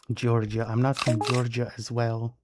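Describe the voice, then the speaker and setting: Speaking with a Romanian accent, a man from Romania playfully chats with viewers during a live game stream, repeating phrases and making puns. His mid-range voice has a somewhat dark tone, heard through noisy audio with clicks.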